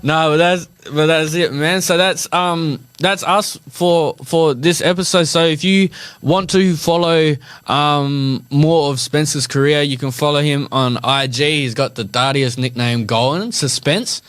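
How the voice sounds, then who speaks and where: Young adult Australian male podcast host; animated, slangy storyteller, slightly high pitch. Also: measured pace, clear, resonant tone, no room sound. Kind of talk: casual chat.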